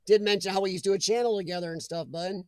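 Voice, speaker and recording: A man's voice: high-pitched, fairly even intonation, racing, smooth, no echo. A man hosting a live chat stream, chatting casually and jokingly with viewers and reading their comments aloud, laughing often.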